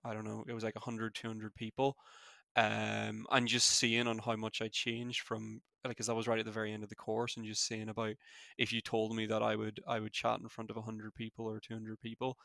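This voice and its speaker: Gravelly young man with a Belfast accent. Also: lowish voice, monotone, sharp tone, dry recording, clean studio sound. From Northern Ireland. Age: young adult. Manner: fast-talking, many fillers and restarts. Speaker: former student guest. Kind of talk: casual interview chat.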